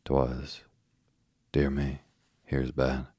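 A man voicing a cheerful, bustling older girl in a storybook reading, in a brisk, motherly way. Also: extremely low pitch, monotone, mellow, husky, no room sound, clean studio sound, full character voice.

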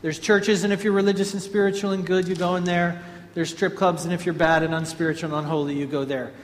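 A pastor with a high voice preaches a sermon fast, telling stories in an animated, conversational way. He's in a large hall with an audience, and the recording is echoey with faint ambience.

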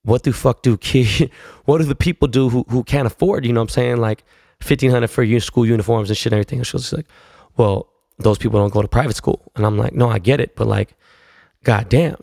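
Gravelly, profane podcast host. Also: male voice, mid-range voice, quick pace, darkish tone, no room sound, clean studio sound. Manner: profane, laid-back storytelling with slang. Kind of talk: casual solo podcast storytelling.

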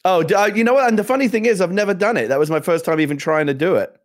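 A man co-hosting a games show, trading quick joking replies in casual banter. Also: sits high. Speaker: co-host.

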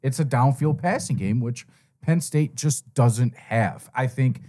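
A man co-hosts a sports talk show in loose, rambling chat. He talks through the games in an animated way and circles back on his points as he goes. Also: mid-range voice, unhurried. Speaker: co-host. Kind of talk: casual sports betting chat.

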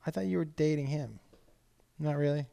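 A man's voice: on the high side, moderate pace, creaky, mellow, no echo. A man hosting a casual chat, blunt and teasing, who laughs as he tells stories.

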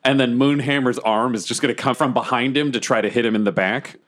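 A man's voice: medium pitch, noisy background. A man playing a character in a tabletop game, describing his moves casually. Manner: casual, quick when describing his actions. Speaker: player.

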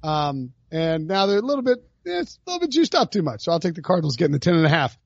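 Man, high voice, brash betting talk, heated rants, dry muffled recording. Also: big pitch swings, quick pace, gravelly, no room sound. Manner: brash, heated, swings to loud highs. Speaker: podcast co-host making picks. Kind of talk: animated sports betting chat.

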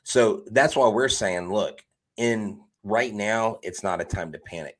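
Low-voiced man co-hosting a sports podcast. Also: measured pace. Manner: animated, laughs often, teasing. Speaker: podcast co-host. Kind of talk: casual sports podcast chat.

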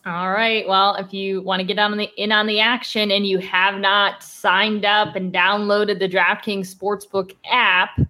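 A woman's voice: medium pitch, flat delivery, measured pace, few pauses, bright, forceful tone. A woman co-hosting a sports podcast, chatting casually and reading sponsor spots. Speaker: podcast co-host.

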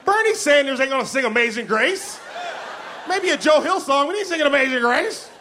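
A man performing an animated stand-up comedy set on a live stage, with lots of asides. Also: very high voice, a little fast, some chatter behind. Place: live theater stage before an audience. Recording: live stage with audience and room noise.

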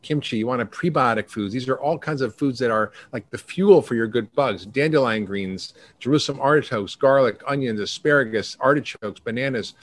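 A man's voice: medium pitch, a bit bright. Man rattling off long lists. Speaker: functional medicine doctor, guest. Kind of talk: podcast interview.

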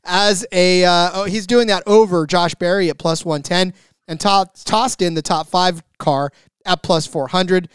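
A man co-hosting a sports betting podcast, excitable as he reads out bet lists, stammering at times. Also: high voice, unhurried, clean tone, no room sound, studio quality. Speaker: podcast co-host. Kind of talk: casual sports betting chat.

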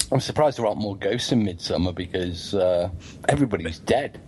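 A man's voice: deep voice, expressive, moderate pace, a little mellow, a little hiss or hum. A male podcast host from England, chatting casually and teasing his co-host and guest with dry humor. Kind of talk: casual chat.

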